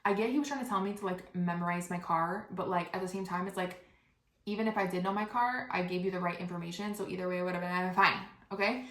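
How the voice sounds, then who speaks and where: A young woman hosting a podcast, telling a comic story in a rapid, animated, casual way, swearing often and acting out what others said. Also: on the low side, roomy sound. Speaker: podcast host.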